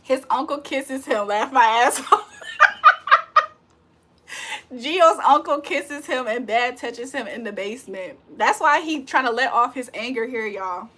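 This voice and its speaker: Woman livestream host, high and bright, roasts her chat, breaks into loud laughter. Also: normal speed, few pauses, a little hiss or hum. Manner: trash-talking, laughs loudly. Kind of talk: casual live chat.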